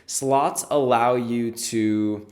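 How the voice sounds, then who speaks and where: A man's voice: medium pitch, steady tone, extremely slow, a little mellow. A man teaching programming in a screen-recorded tutorial, talking casually and explaining each step as he goes. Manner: casual, explanatory, walks through steps aloud. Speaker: programming instructor.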